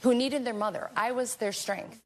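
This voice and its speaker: A middle-aged woman, a talk show guest, speaking in a forceful, indignant way. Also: fairly high pitch, fairly even intonation, normal speed, heavy background noise. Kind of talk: emotional testimony on a talk show.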